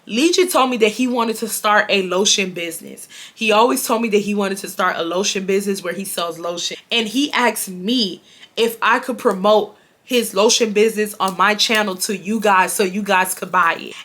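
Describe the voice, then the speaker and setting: Brief: woman in her twenties, YouTube storytime, bright voice, animated, repeats herself for emphasis. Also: medium pitch, moderate pace. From Houston, Texas. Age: 20s. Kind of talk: casual storytime.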